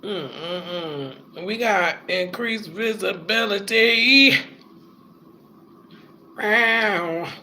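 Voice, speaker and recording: A man with a high, bright voice speaks slowly and tearfully in a casual reaction vlog, full of heartfelt slang. A faint hum of room noise sits behind him. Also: rough recording. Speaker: vlogger.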